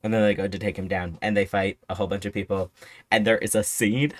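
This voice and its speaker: A man giving a rapid, profane, sarcastic retelling as a casual film reviewer. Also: on the low side, little pitch movement, no echo. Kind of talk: casual commentary.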